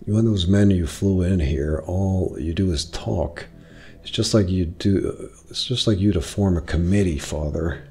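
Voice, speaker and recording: A man's voice: low voice, a little mellow. A man reading the lines of a frightened young woman who cannot sleep and resents her father. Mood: haunted. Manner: halting, anxious, accusing.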